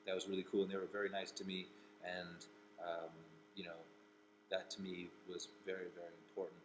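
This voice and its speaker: A man's voice: low voice, monotone, brisk, slight background noise, low-quality recording. A man from Rhode Island who works as a comedian and actor, telling a personal story casually with many restarts.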